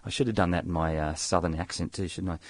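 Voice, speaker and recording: A man co-hosting a radio show, reading absurd news headlines aloud in a wry, deadpan way. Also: deep voice, fast, no echo. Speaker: radio co-host.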